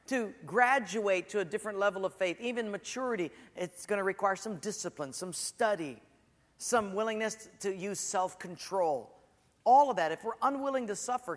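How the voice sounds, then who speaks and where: A man's voice: high voice, a bit bright. A man preaching a sermon as a pastor, in a conversational, storytelling way with asides to the congregation. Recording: echoey church hall.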